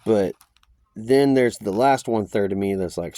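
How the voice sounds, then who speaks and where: A man's voice: on the low side, moderate pace, mellow, a little hiss or hum. A man talking casually to camera in a loose, chatty vlog, outdoors by an RV in the desert, full of fillers and asides. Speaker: vlogger.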